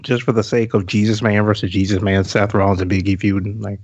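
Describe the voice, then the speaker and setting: A man's voice: fairly low pitch, flat delivery, fast talker, darkish tone, husky, dry recording. A man co-hosting a podcast, chiming in with eager, stumbling interjections. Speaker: podcast co-host. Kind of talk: casual podcast chat. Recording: dull lo-fi audio.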